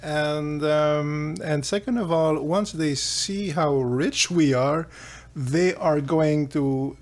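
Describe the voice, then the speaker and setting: A man's voice: a little high, slow pace. A man voicing nervous royal advisers who cautiously object to their king. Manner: hesitant, cautious.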